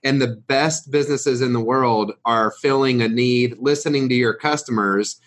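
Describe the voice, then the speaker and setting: A man hosting an interview, asking measured, encouraging questions. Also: mid-range voice. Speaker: interview host.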